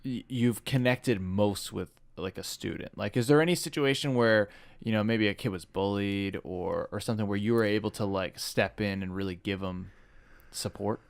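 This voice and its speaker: A man's voice: lowish voice, moderate pace, gravelly. A man hosting a podcast, asking his friend questions in a casual interview and laughing often. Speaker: podcast host.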